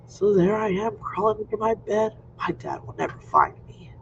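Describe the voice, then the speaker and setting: 50s guy telling a funny story, high gravelly voice, muffled audio with faint hiss. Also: fast, hardly any pauses. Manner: animated, acts out scenes. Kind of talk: personal anecdote storytelling. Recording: muffled lo-fi recording with faint noise.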